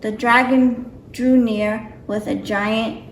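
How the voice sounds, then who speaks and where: A woman's voice: on the high side, steady tone, slow pace, a little hiss or hum. A woman reading a picture book aloud with careful, slightly nervous delivery. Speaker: storybook reader. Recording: roomy echo, mic far off.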